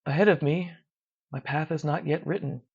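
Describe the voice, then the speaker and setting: A narrator reading a dark first-person horror story in a slow, measured, hushed way. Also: medium pitch, steady tone. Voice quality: gravelly. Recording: dull lo-fi recording.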